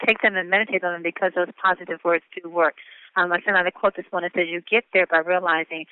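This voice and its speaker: A woman's voice: lowish voice, steady tone, fast talker, smooth, dry recording. A woman pastor hosting a business conference call, encouraging and emphatic, with frequent laughs. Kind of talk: upbeat motivational call hosting. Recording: tinny phone line.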